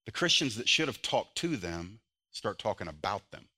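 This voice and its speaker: Guy preaching a sermon, sharp bright tone, gets loud then goes real quiet and earnest. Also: lowish voice, sing-song, normal speed. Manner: impassioned preaching, swinging from loud emphasis to quiet intensity. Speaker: pastor.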